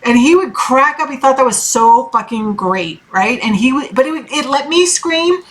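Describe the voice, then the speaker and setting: A woman's voice: high-pitched, lively intonation, moderate pace. A woman in her thirties giving a casual tarot reading, loose and encouraging, with lots of swearing and fillers. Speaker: tarot reader.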